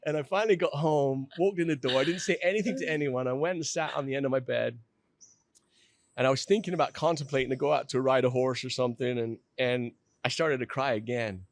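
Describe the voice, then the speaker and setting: A man's voice: medium pitch, dry recording. Candid middle-aged man, dry close mic. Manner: emotional, self-deprecating, halting with restarts. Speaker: company president telling his story as podcast guest. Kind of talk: candid conversational storytelling.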